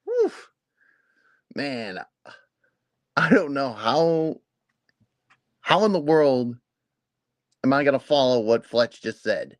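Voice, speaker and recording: A man's voice: on the high side, lively intonation, measured pace, long pauses, no room sound. A man co-hosting a wrestling show, reacting in casual chat with exuberant, preacher-like cheering.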